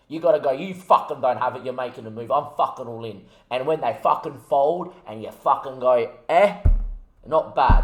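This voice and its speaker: A gaming YouTuber with a voice on the high side rants about a football management game, swearing heavily while commentating his play. The room is echoey.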